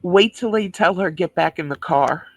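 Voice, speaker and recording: A woman's voice: lowish voice, normal speed, poor audio. A woman giving blunt, scornful commentary over video footage, swearing freely and sounding indignant. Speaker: reaction video host.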